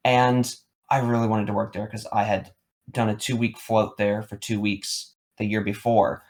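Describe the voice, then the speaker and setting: A man's voice: lowish voice, little pitch movement, normal speed. A man in his thirties telling a long personal story on a podcast, rambling, repeating words and leaning on fillers. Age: 30s. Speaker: podcast co-host. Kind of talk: casual storytelling chat.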